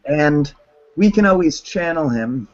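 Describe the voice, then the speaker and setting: A man's voice: fairly high pitch, lively intonation, unhurried, soft background music. Joking man on a dull video call. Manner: joking, acts out others' voices in his stories. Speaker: channeler. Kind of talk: casual chat.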